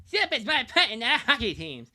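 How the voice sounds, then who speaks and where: A woman doing a shrill cartoon Canadian park ranger. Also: sing-song, bright, forceful tone, exaggerated voice. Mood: indignant. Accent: put-on Canadian. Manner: shrill, indignant, drawn-out words.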